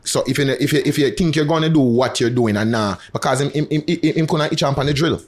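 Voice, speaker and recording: A man's voice: mid-range voice, fast. A man with a Jamaican accent, a guest on a casual podcast interview, mixing patois and English and repeating words as he talks. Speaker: guest dancehall artist.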